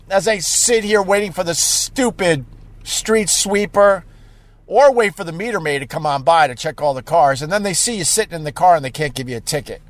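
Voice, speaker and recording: Guy in a parked car rambling to his viewers, highish voice, lots of uh's and sudden loud bits. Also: normal speed, no room sound. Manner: animated, with sudden loud outbursts and many fillers. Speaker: live streamer. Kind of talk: casual rambling storytelling.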